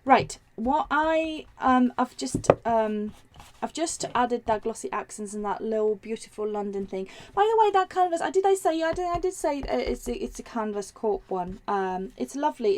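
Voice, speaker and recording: A woman's voice: on the high side, a little mellow. A woman hosting a live craft demo, chatting in a rambling way with many ums and restarts, reading out viewer comments as she works. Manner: reads viewer comments aloud while working.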